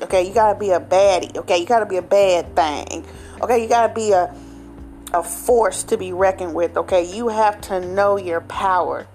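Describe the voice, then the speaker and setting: A woman vlogger talking straight to her viewers in a casual, animated, slang-filled way, often tagging lines with "okay?". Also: mid-range voice. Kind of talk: casual direct-to-camera chat.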